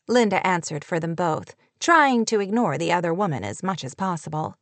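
A woman reading a novel aloud in measured, scripted audiobook narration. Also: lowish voice, very animated, no echo.

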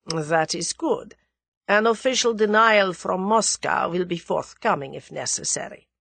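A woman reading aloud, voicing a soft-spoken, sibilant, dangerous conspiracy leader. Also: on the low side, unhurried, gravelly, no echo, exaggerated voice. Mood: cold.

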